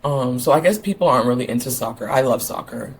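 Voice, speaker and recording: A woman from Ontario, chatting casually and excitedly in a rambling vlog. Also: rumbling low, quick pace, husky. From Ontario, Canada. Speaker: vlogger.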